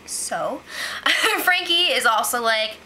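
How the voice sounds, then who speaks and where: A woman's voice: a little high, lively intonation, slow, pushed and bright, a little hiss or hum. A woman recapping a reality show in a casual vlog, chatty and opinionated, saying "like" a lot. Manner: chatty and opinionated, heavy use of "like".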